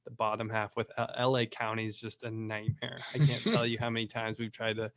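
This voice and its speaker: A man who runs a lead-generation business, chatting casually and telling rambling, animated stories full of fillers. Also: fairly low pitch, a little fast, dry recording.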